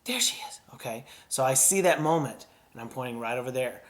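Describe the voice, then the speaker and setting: A man's mid-range voice moves briskly as he gently coaches children in puppetry. He encourages them warmly, using audible breaths and sighs to convey each emotion.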